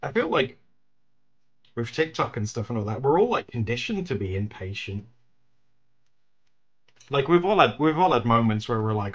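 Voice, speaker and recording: A man's voice: medium pitch, very animated, normal speed, long pauses, husky, highs cut off. A man streaming while he draws, chatting casually with viewers, thanking them and telling stories with plenty of laughter. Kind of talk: casual chat while drawing.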